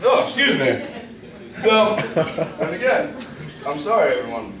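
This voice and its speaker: Crude young comic, high voice, echoey room. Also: male voice, sing-song, a little slow, a crowd in the background. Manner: crude, rambling, self-interrupting. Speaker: stand-up comedian. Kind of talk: stand-up comedy set. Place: small comedy club stage. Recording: echoey club room, distant mic.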